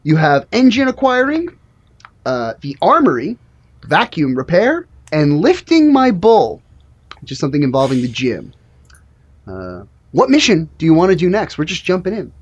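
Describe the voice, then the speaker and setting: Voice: medium pitch, wildly swooping pitch, normal speed, slightly rough, dull audio. A game master running a tabletop game, chatting casually and joking between mission briefings. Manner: joking, rambling with restarts.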